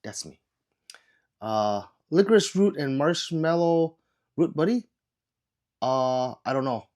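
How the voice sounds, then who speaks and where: A man who is sick, chatting casually on a livestream and reading viewer comments aloud with low energy. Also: sing-song, a little slow, darkish tone.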